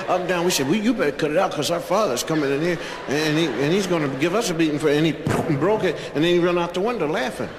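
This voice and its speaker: A whiny little boy with a high, pleading voice tumbles out quick excuses, as a man acts him out on stage. This is a stand-up act-out on a 1960s live album. The recording is roomy and hissy, with a crowd murmuring behind. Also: close to an everyday voice. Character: whiny young boy squabbling with his brother. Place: live comedy stage before an audience. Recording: echoey 1960s live album with hiss and audience.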